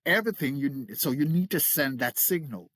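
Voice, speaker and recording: A middle-aged man who coaches creature voices talks vocal technique on an interview, eager to explain and laughing readily. His medium-pitched voice is expressive and a bit bright, delivered at normal speed. Sound is studio quality with no echo.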